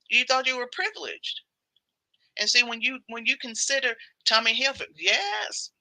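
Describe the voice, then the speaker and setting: Bright, chatty woman hosting a devotional. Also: on the high side, expressive, moderate pace, gravelly, dry recording, low-quality recording. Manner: chatty, repeats phrases for emphasis. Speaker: devotional livestream host. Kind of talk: casual devotional talk.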